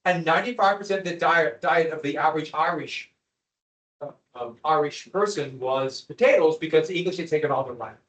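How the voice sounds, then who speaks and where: A man teaching a history lecture to a class, animated and quizzing students as he goes. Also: on the high side, brisk. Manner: animated, asks the class questions. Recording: echoey classroom from far off.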